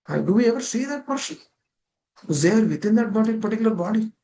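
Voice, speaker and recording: A man's voice: sits high, expressive, quick pace, dark tone, slight background noise, poor audio. A man gives a devotional scripture class over a video call. He keeps asking rhetorical questions and linking ideas with "that means.".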